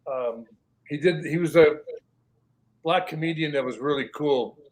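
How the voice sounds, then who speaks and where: A man chatting on a podcast with a somewhat higher voice than most men. He is blunt and joking, and he laughs as he retells stories. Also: unhurried. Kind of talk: casual chat.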